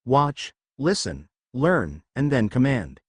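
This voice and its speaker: A man reading the lines of a stern, seasoned male viking commander in a measured, instructive way, as storybook narration. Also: mid-range voice, sing-song, husky, dry recording, clean studio sound, exaggerated voice. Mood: firm.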